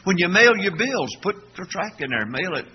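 A man's voice: high-pitched, very animated, moderate pace, dull audio, background noise. A middle-aged man preaching a sermon, folksy and emphatic, calling for responses from the congregation. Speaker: pastor.

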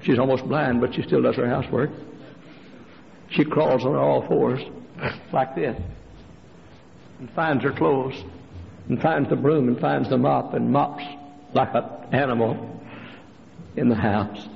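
A male pastor preaching a sermon in a church, swinging from hushed storytelling up to impassioned shouted refrains. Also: steady tone, measured pace, vocal fry, pauses often, crowd noise. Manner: impassioned preaching, climbing to shouted refrains, dropping low for stories. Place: church sanctuary. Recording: lo-fi recording with long hall reverb.

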